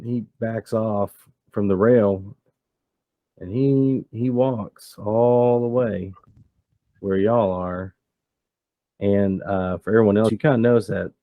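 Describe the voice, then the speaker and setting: A man narrating as game master of a tabletop role-playing game in a relaxed way. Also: lowish voice, dry recording.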